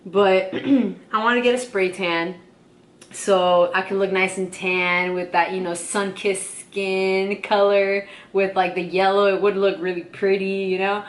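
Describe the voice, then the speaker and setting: A woman's voice: medium pitch, flat delivery, a little slow, reverberant. A young woman with a sick voice, telling stories in casual chat and filling her talk with "like" and "okay?". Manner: chatty storyteller, lots of "like" and "okay?". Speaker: vlog co-host.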